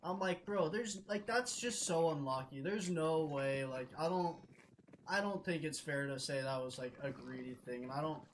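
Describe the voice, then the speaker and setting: Excitable young man retelling a game story. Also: fairly high pitch, normal speed, a little hiss or hum, low-quality recording. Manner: excitable, swears constantly, laughs between lines. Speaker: streamer. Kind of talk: animated gaming story retelling.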